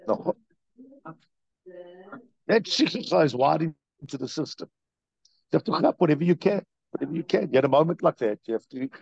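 Brief: male rabbi lecturing, husky, lively pitch, dry slightly muffled sound. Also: no room sound. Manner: animated, repetitive storytelling with rhetorical questions. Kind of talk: Torah lecture.

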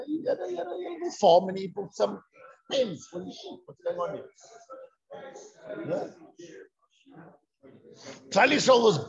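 A man giving a lively Torah lecture, firing rhetorical questions and answering them himself. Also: high voice. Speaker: Torah teacher. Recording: dull lo-fi recording.

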